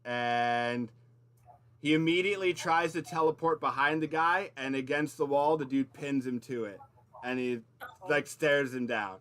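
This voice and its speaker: A man's voice: mid-range voice, measured pace, fairly bright tone. A man running a tabletop game as game master, narrating in a loose, casual way with lots of fillers.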